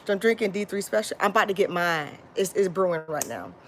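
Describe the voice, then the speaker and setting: Her mid-range voice moves fast as the Florida vlogger spins a rambling storytime for y'all, lively but tired and restarting frequently. A faint hiss or hum runs through the clip.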